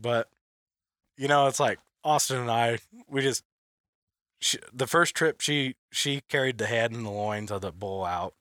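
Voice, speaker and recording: A man in casual conversation, rambling loosely and leaning on "like" as he goes. His voice sits at an ordinary middle pitch. The recording is dry and close, with no room sound. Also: unhurried, a bit bright, dry recording. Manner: rambling, heavy use of "like", laughs often. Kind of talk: casual chat.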